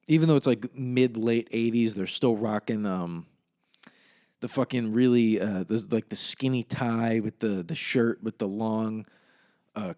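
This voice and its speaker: A man's voice: on the low side, a little mellow. Rambling, profane young man on a podcast. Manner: rambling, profane, laughs at his own retelling. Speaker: podcast host. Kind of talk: casual solo podcast chat.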